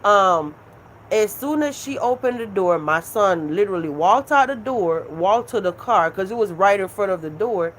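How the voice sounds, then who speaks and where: A woman's voice: mid-range voice, expressive, normal speed, slight background noise. A woman hosting her own live stream, venting at her critics in a casual, profane, emphatic way and repeating her points.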